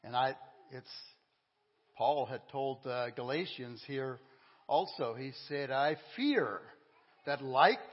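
An older man preaching an informal sermon in a church. He talks in a halting, conversational way, correcting himself and asking the congregation questions. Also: fairly high pitch, husky. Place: church sanctuary. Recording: dull, echoey church recording.

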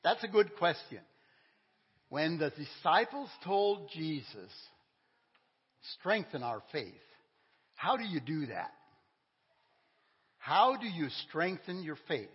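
Older preacher with a husky voice. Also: male voice, on the high side, big pitch swings. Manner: halting, self-correcting, conversational; asks the congregation questions. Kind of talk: informal sermon. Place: church sanctuary. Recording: dull, echoey church recording.

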